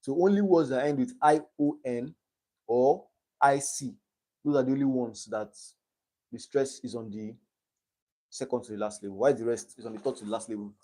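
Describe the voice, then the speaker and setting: A man's voice: mid-range voice, brisk, warm tone. Young man tutoring on a live stream. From Nigeria. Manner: reads quiz options aloud and checks understanding.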